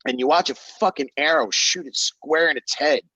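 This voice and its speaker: A man's voice: on the high side, moderate pace, sharp tone, husky, no room sound. A man narrating a tabletop game as game master, casual and profane.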